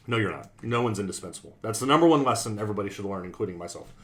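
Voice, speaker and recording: A man's voice: on the low side, expressive, racing. A man preaching in a conversational Bible class style, earnest, repeating his phrases and acting out quoted sayings.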